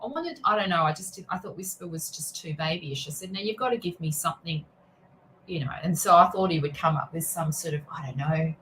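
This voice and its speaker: A woman's voice: deep voice, expressive, a little fast, hardly any pauses, a bit bright, slight background noise, low-quality recording. A woman tarot reader and spiritual mentor chatting casually on a livestream, greeting viewers by name and often restarting her sentences.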